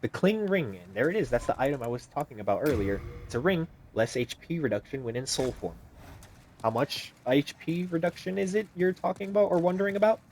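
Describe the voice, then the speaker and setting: A young man giving casual, animated commentary over a video game, joking and talking back to the characters on screen. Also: fairly high pitch, brisk, slight background noise. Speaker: gaming YouTuber.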